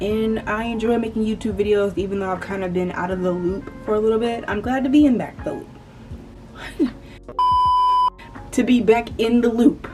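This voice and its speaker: A woman's voice: medium pitch, a little mellow, distant mic. A woman with a slight country accent talking casually to camera as a YouTuber, chatty and rambling, often correcting herself. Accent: Southern US country. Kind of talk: casual commentary vlog. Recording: voice a bit off-mic with faint music.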